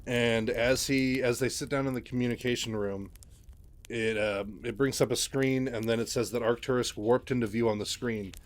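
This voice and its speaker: A man's voice: medium pitch, steady tone, normal speed. A man casually retelling a sci-fi game's story in a loose, chatty way with frequent fillers. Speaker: lore narrator. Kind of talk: casual retelling of game lore.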